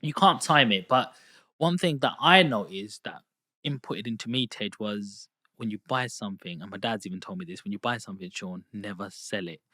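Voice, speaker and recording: A man in his thirties talks casually in a podcast booth, his voice sitting low. He tells lively stories and acts out what other people said. The sound is dry and close, with no room in it. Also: normal speed, no echo. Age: 30s. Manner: lively storyteller who acts out quoted dialogue. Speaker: guest, property investor.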